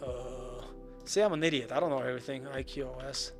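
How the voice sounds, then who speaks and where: A man's voice: medium pitch, steady tone, fairly quick, over music. Rambling self-deprecating man in his forties. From Russia. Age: 40s. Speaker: livestream host. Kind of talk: casual live-stream chat.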